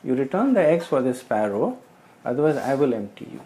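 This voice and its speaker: A man's voice: mid-range voice, very animated, a little fast, warm tone. A man voicing a mighty divine bird issuing a stern command in a retold tale.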